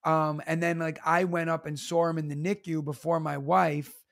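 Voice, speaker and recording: A man's voice: a little high, normal speed, gravelly. A man in his thirties, a teacher and comedian, telling stories in a casual podcast chat, acting out quotes and laughing often. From New York. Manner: animated storytelling, acts out quotes, laughs often.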